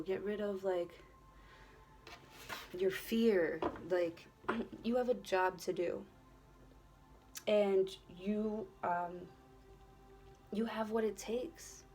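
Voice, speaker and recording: A woman with a medium-pitched voice gives a casual tarot reading, speaking straight to the viewer. She rambles and circles back on her words, leaning on fillers and the odd swear word. Her tone stays earnest and encouraging throughout. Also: darkish tone, a little hiss or hum. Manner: rambling, repeats herself, leans on "you know", swears freely. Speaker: tarot reader.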